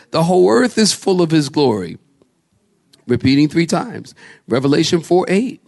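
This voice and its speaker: A man's voice: fairly high pitch, big pitch swings, moderate pace, creaky, a little mellow. A man preaching a live church sermon, emphatic, lifting his voice on repeated words and asking the listeners questions. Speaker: pastor.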